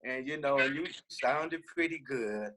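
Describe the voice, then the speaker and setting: A man, a singer in a vocal group, telling a lively story on a video call. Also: mid-range voice, measured pace, rough recording. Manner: animated, laughing storyteller.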